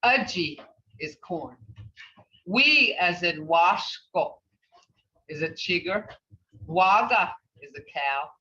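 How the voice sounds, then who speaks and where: Lady teaching a class real slow, says each word twice, echoey muffled audio. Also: on the low side, animated, bright, forceful tone, far from the mic. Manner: patient, sounds out each word slowly and repeats it. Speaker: language teacher. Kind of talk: teaching a beginner language class. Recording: echoey, dull lo-fi class recording.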